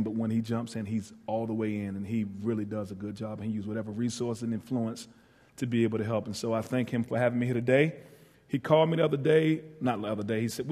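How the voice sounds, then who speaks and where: A middle-aged man delivers a sermon from the pulpit as a guest preacher. He speaks earnestly and warmly about gratitude, with a voice of ordinary pitch. Now and then he turns to the congregation with a playful aside. His voice rings through a church sanctuary with a long reverb tail. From northeastern North Carolina. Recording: hall reverb.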